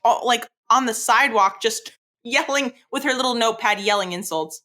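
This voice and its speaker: A woman co-hosting a casual podcast chat, often laughing and chiming in with short remarks. Her voice is fairly high and bright, with a sharp edge. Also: moderate pace. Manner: laughs often, brief agreeing replies. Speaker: podcast co-host.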